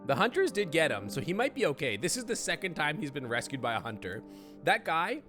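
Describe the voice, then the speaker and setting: A man's voice: on the high side, sing-song, fairly quick, fairly bright tone, faint music behind. A man streaming a game live, chatting, laughing often and reacting on the fly. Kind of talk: live gameplay commentary.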